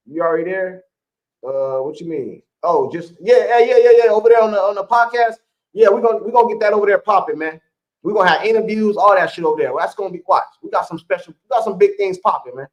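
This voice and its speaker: A man's voice: sits high, poor audio. A man co-hosting a live sports stream, chatting casually in slang with his viewers and laughing often.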